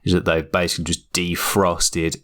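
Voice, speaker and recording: An English man co-hosting a podcast, talking in an animated, emphatic, teasing way. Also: low voice, moderate pace. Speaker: podcast co-host. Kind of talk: casual chat.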